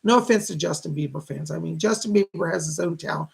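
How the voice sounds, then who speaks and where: Gravelly chatty man in his fifties. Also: fairly high pitch, fast talker. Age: 50s. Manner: chatty, greets viewers by name, talks to a puppet. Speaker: psychic livestream host. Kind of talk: casual livestream chat.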